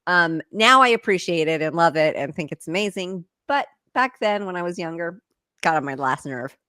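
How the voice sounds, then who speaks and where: A woman's voice: on the low side, expressive, normal speed, pushed and bright, dry recording, clean studio sound. A young adult woman co-hosting a podcast, talking candidly and bluntly in casual chat, laughing often. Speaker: podcast co-host.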